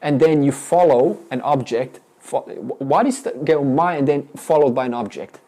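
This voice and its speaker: A man's voice: medium pitch, moderate pace, mellow. A man teaching a spiritual class, firing questions at students with frequent restarts. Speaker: Vedanta teacher. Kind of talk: interactive spiritual lesson.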